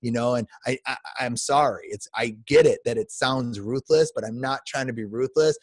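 A man's voice: medium pitch, normal speed, husky, dry recording. Impassioned forty-year-old man, dry close sound. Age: 40s. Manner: emotional, repetitive restarts, says "man" often. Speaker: podcast guest. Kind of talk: impassioned podcast rant.

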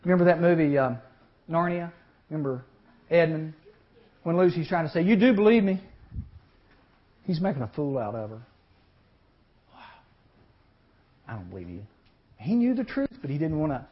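Animated man preaching, lo-fi sound. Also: on the high side, moderate pace, long pauses. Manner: animated, acts out voices in the story. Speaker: youth speaker. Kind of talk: storytelling sermon. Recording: lo-fi recording.

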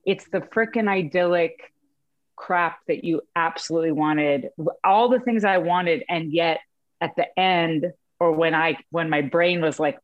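A woman in her thirties tells a story with frank, self-mocking candor and a little swearing. She sits a bit low in her register. The sound is close and dry, with little room around it. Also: unhurried, no room sound, muffled recording. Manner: expressive, candid, self-mocking, mild swearing; acts out voices in vivid quoted asides. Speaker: mother sharing a story with a group. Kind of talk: casual storytelling.

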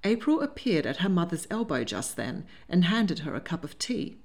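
A woman narrating an audiobook in an expressive, animated reading. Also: fairly low pitch, normal speed.

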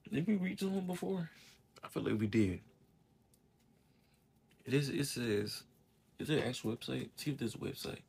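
A man's voice: medium pitch, sing-song, normal speed, gravelly, long pauses, a little mellow, breathy edge. A laid-back, wry man co-hosting a casual chat and reading posts aloud.

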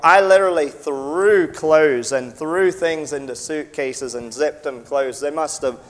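A man's voice: fairly high pitch, unhurried. A man from the United States, a missionary, telling a personal testimony with vivid sound effects and acted-out dialogue at a Sunday evening church gathering. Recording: long reverb in a large hall.

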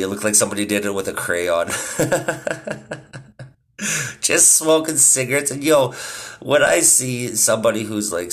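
A man's voice: fairly low pitch, fairly bright tone. A man in his thirties hosting a podcast, rambling casually with constant swearing and laughing at his own stories. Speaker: podcast host. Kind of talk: casual monologue.

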